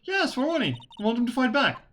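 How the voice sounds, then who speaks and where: A woman's voice: fairly high pitch, sing-song, fast, a little hiss or hum, voice pushed up. A woman voicing a worried young wife who pleads earnestly for her husband's sake, reading game dialogue aloud. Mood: pleading.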